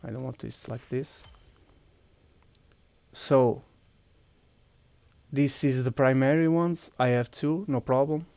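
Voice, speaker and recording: A man with a Portuguese accent chats casually on a live game stream, talking viewers through each step as he goes. His voice has a gravelly, creaky edge and a mid pitch. The sound is dry and close, with no room echo. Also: steady tone, slow pace, long pauses, mellow. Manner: walks viewers through steps while clicking, thinking aloud.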